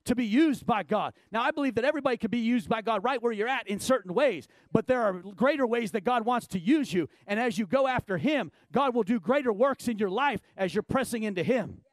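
Emphatic high-voiced male pastor preaching. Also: animated, brisk, hardly any pauses, no room sound. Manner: emphatic, swinging from low and quiet to loud and shouting. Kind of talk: sermon.

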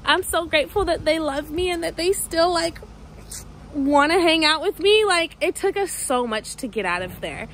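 High-voiced, gushing young woman vlogger. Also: normal speed, slight background noise, rough recording. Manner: gushing, excitable, chatty. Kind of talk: casual vlog talk to camera. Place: parked car.

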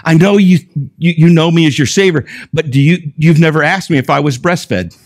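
A man in his sixties voicing a gentle, fatherly male God who speaks calmly and patiently to a believer in a sermon. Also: fairly high pitch, normal speed. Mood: earnest.

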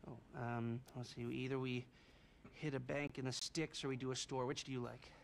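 A man's voice: mid-range voice, normal speed, vocal fry, natural voice. A man voicing a secretive, shrewd older male heist planner, talking in a dry, clipped way. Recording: game audio with steady noise.

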